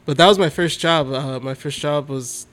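A man's voice: a little high, normal speed, fairly bright tone. A man co-hosting a podcast, talking about his first job in a laid-back way with some hesitant fillers. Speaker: podcast co-host. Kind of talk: casual chat.

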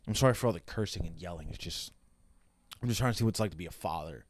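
A man's voice: sits low, racing. A young man giving casual, sarcastic reaction commentary with heavy swearing and rambling asides. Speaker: reaction video host.

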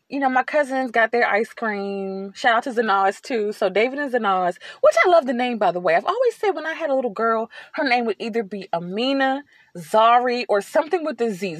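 Bright, animated woman podcaster. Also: fairly high pitch, no room sound. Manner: animated, repeats words, acts out quotes. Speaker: podcast host. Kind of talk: casual storytelling monologue.

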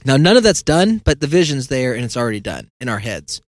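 A man's voice: mid-range voice, big pitch swings, fairly quick, no echo. A man hosting a podcast, telling a long meandering story in a casual, self-deprecating way and acting out the conversations he recounts. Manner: meandering, self-deprecating, acts out quoted dialogue. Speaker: podcast host. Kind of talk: casual rambling monologue.

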